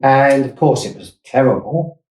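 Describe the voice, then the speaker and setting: A man's voice: mid-range voice, expressive, moderate pace, a little mellow. This is a man in his sixties from Essex, England, reminiscing about his working life as a guest in an interview. He rambles, corrects himself mid-phrase and goes off on asides. He sits back from the mic in a room with noticeable echo. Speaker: investor and startup founder, guest. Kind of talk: anecdotal interview storytelling. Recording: roomy, distant mic.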